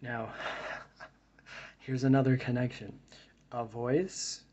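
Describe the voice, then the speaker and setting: A man's voice: medium pitch, level tone, slow pace, mellow. A man giving a reflective Bible study talk, reading verses aloud and then musing on them in a thoughtful way. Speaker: Bible teacher.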